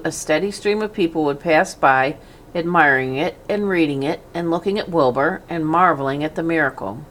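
Woman narrator, children's storybook, gentle, slightly low voice. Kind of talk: storybook reading aloud.

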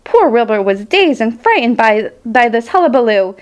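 A woman reading a children's storybook aloud in a gentle, expressive way, with small slips and restarts. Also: on the high side, normal speed, clean tone. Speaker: storybook reader.

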